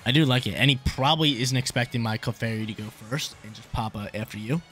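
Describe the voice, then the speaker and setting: A young man talks quickly through his own game, thinking aloud in casual slang and repeating phrases as he weighs each move. His pitch sits in an ordinary middle range. Soft game music plays faintly behind him. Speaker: gaming YouTuber. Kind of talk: live game commentary.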